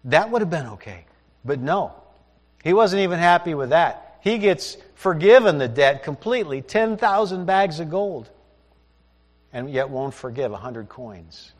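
Man, preacher, sermon, scripture reading, slightly higher voice, long hall reverb. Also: animated, unhurried. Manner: reads scripture aloud, then explains it conversationally.

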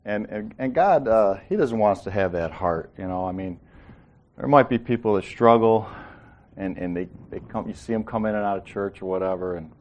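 A man's voice: lowish voice, normal speed, a little mellow. A man leading an informal Bible study, joking and acting out the characters' lines in a folksy way. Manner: folksy, joking, acts out quotes.

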